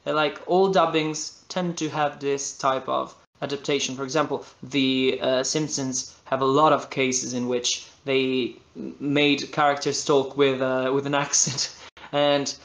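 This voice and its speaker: A man with an Italian accent talks in English as a guest on an interview podcast, whose first language is Italian. His voice sits at a medium pitch, and he pauses and restarts a lot while he looks for the right words. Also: little pitch movement, a bit bright. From Italy. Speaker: voice actor guest. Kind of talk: casual interview chat.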